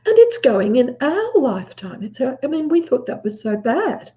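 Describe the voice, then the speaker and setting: A woman's voice: sits high, big pitch swings, moderate pace, warm tone. A woman with an Australian accent talking earnestly in casual conversation, acting out quotes as she tells a story. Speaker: guest. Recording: dull lo-fi audio.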